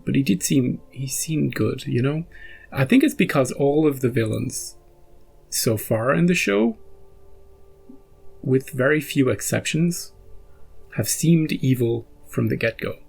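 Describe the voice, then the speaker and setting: A man talks through his thoughts in a loose, rambling way, restarting sentences as a reaction host. His voice is gravelly and a little husky, with faint music in the background. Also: medium pitch, measured pace, long pauses, a little mellow. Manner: rambling, self-interrupting, chuckles often. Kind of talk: casual after-episode musing.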